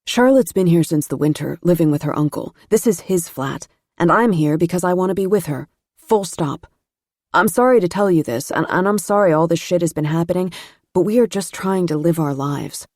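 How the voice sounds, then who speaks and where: A woman's voice: lowish voice, moderate pace, a little mellow, no echo, clean studio sound. A woman reading a careful, firm young man who speaks steadily.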